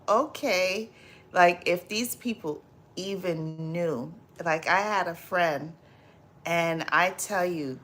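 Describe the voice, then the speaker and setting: A woman talks to her livestream viewers in a relaxed, chatty way, reading their comments aloud. Her voice sits somewhat low. She speaks slowly, often pausing on "um" and repeating her phrases. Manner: chatty and unhurried, trailing off with ums and repeats. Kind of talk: casual livestream chat.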